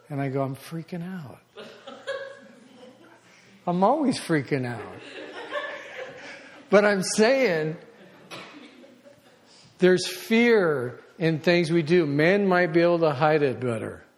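A man preaching a conversational sermon, animated and acting out the voices of people he quotes. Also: fairly high pitch. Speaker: pastor. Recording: long hall reverb.

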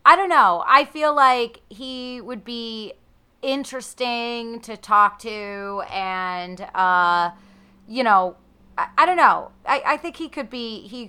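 A woman's voice: mid-range voice, sharp tone, clear, resonant tone. A woman co-hosting a casual TV recap podcast, talking with hesitant restarts. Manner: hesitant, lots of restarts and fillers. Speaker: podcast co-host. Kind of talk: casual chat.

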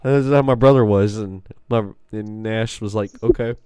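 Casual and prone to laughter, a podcast host spins rambling stories in a lowish, mellow, smooth voice at a moderate pace. The studio recording is clean, with no echo.

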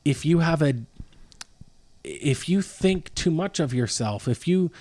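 A man's voice: a little high, expressive, slow, darkish tone, no room sound. Pastor guy in his 30s chatting, earnest, rambly, dry close mic. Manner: earnest, rambling, many restarts. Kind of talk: casual podcast chat.

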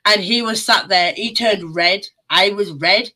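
Bright-voiced woman podcast co-host. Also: mid-range voice, a little slow, poor audio. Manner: lively, chatty, swears casually. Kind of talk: casual chat.

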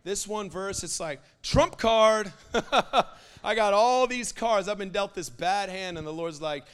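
A young man preaching with a high, bright voice. He speaks in a loose, conversational way, full of "like" and restarts, then rises into loud, fervent proclamations as he works himself up. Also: a little slow, clean tone. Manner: impassioned, builds to loud prophetic declarations with fillers like "like". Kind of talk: sermon.

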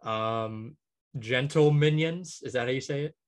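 A man in casual podcast chat, working through a long list out loud. He fills the gaps with ums and uhs and laughs lightly at his own picks. His voice sits at an ordinary middle pitch. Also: unhurried. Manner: rambling list with many ums, chuckling. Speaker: podcast co-host.

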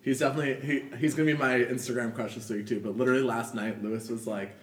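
Young male podcast host, chatty and rambling, mid pitch, recorded off-mic in an echoey room. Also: fairly even intonation, quick pace, far from the mic. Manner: chatty, many fillers and laughs. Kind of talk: casual chat. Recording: roomy, off-mic with faint noise.

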